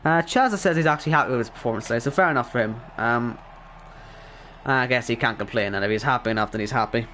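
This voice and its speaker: Hoarse esports commentator, man. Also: medium pitch, fast talker, sharp tone, a little hiss or hum. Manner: chatty, reads chat aloud, self-deprecating. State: hoarse, worn-out voice. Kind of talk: casual stream sign-off commentary.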